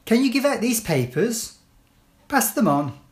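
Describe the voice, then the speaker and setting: A woman reading classroom English phrases one at a time, clearly and deliberately, as a language teacher. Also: fairly high pitch, sing-song. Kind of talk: slow read-aloud list of classroom phrases.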